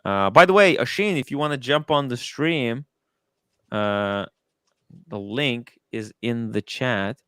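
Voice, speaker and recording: Excitable man with a crisp voice. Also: mid-range voice, no room sound, studio quality. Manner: excitable, animated, quick asides to chat. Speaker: livestream host. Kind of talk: casual livestream chat. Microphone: studio microphone.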